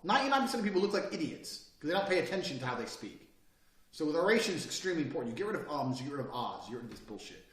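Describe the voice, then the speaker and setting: Brash profane male course presenter, lively swinging delivery, echoey room, mic at a distance. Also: on the high side, rapid-fire. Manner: brash, profane, emphatic, mocks hesitant speakers. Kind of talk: lecture on body language and speaking. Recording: roomy echo, mic at a distance.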